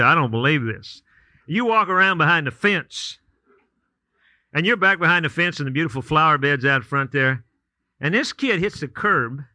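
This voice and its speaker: Folksy storytelling male pastor, bright voice. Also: fairly high pitch, no echo. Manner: storytelling with hypotheticals, folksy and repetitive. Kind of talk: sermon.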